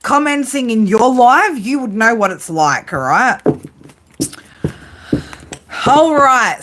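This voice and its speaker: A woman's voice: fairly high pitch, animated, slow, pauses often, background noise. A woman doing a casual live tarot reading, teasing her viewers and swearing freely as she talks through the cards. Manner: teasing, profane banter with viewers. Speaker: psychic tarot reader.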